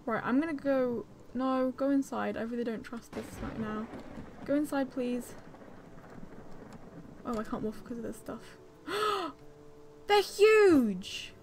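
A woman's voice: a little high, steady tone, measured pace, background noise. Anxious, fretful woman narrating her gameplay. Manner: anxious, fretful, talks to herself while playing. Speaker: gaming channel host. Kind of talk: let's-play commentary.

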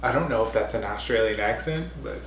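A man's voice: fairly low pitch, fairly quick, a bit bright, roomy sound, slight background noise. A young man co-hosting a casual couch vlog, joking dryly while reading out trivia. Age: young adult. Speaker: vlog co-host, athlete. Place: home living room couch.

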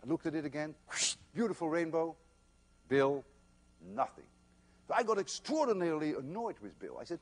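An older man giving a university physics lecture, telling stories in an animated, emphatic way. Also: fairly high pitch, moderate pace. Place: lecture hall.

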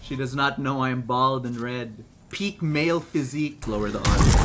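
Give me a young man yelling through his gameplay commentary, over loud background music. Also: medium pitch, moderate pace. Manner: yells and screams at the game; swears often. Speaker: gaming video host.

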